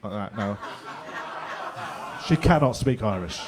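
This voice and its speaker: A man's voice: on the low side, lively intonation, measured pace, noisy background. A middle-aged man with a London accent doing stand-up comedy in a pub, chatty and swearing, slipping into other people's voices. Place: pub stage with live audience.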